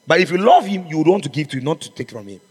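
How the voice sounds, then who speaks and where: Preacher guy, high-ish husky voice, big echoey church hall. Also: lively intonation, racing, darkish tone. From Ghana. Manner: fervent, exhorting, calls out to congregation. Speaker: pastor. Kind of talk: sermon.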